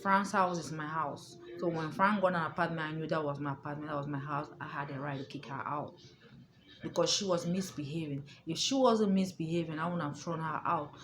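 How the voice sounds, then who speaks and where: An adult woman tells her viewers a family story in a casual, emphatic way, repeating her points and checking that they follow. Her voice is deep and fairly even, moving fairly quickly, with music in the background.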